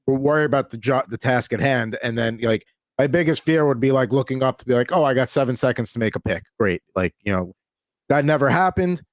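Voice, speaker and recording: A man's voice: mid-range voice, no echo. Male podcast host, dry voice, rambling and upbeat in casual chat. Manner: rambling, many restarts, upbeat.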